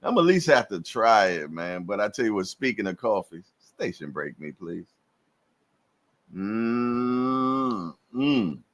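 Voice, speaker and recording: A low-pitched man in his fifties takes his time, drawling through a relaxed live-stream chat. He leans on slang and keeps tagging lines with "man". He laughs easily between thoughts. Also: takes it slowly. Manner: laid-back slang, repeats "man" and "yes, indeed". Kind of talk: casual chat with live chat viewers.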